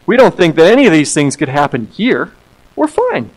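Pastor guy preaching, bit higher voice, lively, keeps repeating himself, church feel. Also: a little fast, rough recording. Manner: animated, acts out quoted voices, repeats words. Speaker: associate pastor. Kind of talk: sermon.

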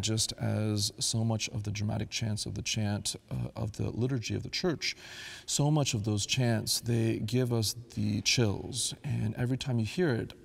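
A priest giving an earnest, devout talk on liturgical chant, now and then singing a phrase to show how it sounds. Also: male voice, lowish voice, gravelly, slightly rough, long reverb tail.

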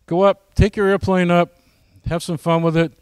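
A man's voice: sits high, flat delivery, moderate pace, darkish tone, clear, resonant tone, no room sound. A man giving a casual, folksy presentation to his flying club, often asking the audience questions.

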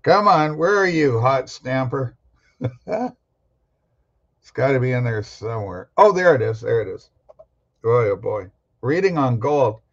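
A man's voice: mid-range voice, animated, measured pace, long pauses, lo-fi sound. A man hosting a casual record-collecting livestream, rambling and joking as he answers the chat. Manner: rambling, jokey, talks back to chat commenters. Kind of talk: casual live-chat talk.

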